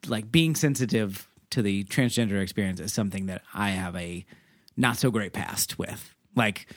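A man's voice: fairly low pitch, moderate pace, no room sound, studio quality. A man co-hosting a podcast, chatting casually and teasing his partner with wry asides. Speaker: podcast co-host.

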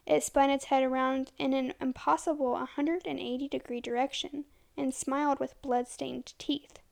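A woman reading a first-person horror story as scripted narration, dramatic and slowing to a hush at tense moments. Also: high voice, little pitch movement, gravelly.

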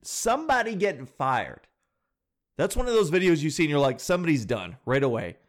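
A man's voice: on the high side, a little fast. A man hosting a reaction video, talking casually and animatedly to his viewers and laughing often. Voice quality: animated, laughing, addresses viewers as guys and dude.

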